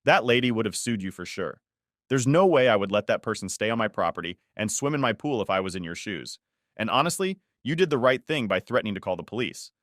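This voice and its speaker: A man narrating a first-person story from an online forum in a steady, even storytelling delivery. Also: lowish voice, no room sound, clean studio sound. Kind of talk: reading a reddit story aloud.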